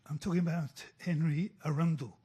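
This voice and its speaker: A man from Britain, a journalist asking a hesitant, halting question at a press conference. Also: on the high side, warm tone, husky. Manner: hesitant, full of uhs and restarts.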